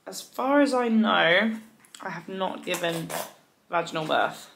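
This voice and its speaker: A woman in her twenties talking casually to the camera at home, rambling, animated and swearing freely. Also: fairly low pitch, a little slow, gravelly. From United Kingdom. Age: 20s. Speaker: vlogger. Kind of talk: casual chatty vlog.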